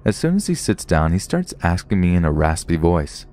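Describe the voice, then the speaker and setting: A man with a very low, dark voice narrates scary true stories. His pitch moves a lot as he tells them, rising and falling with the story. The telling is scripted and steady. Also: normal speed. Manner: storytelling, puts on short voices for quoted people.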